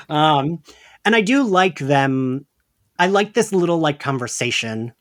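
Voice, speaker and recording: Man, podcast co-host, casual chat, slightly high voice, very lively pitch. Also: slow pace, long pauses. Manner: chatty, acts out quoted lines.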